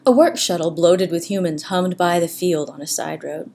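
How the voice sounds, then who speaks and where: A woman narrating a comic story in an expressive, playful way. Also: on the low side, moderate pace, few pauses, a little hiss or hum.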